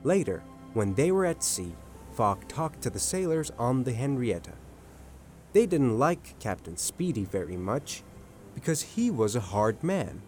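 Male narrator, animated intonation, storybook reading over faint music. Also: medium pitch, a little slow. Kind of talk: scripted narration.

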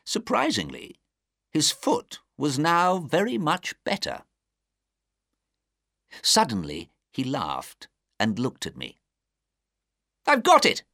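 A man reading a storybook aloud in a slow, careful storytelling manner. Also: a little high, huge pitch swings, pushed and bright, no room sound, clean studio sound. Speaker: narrator.

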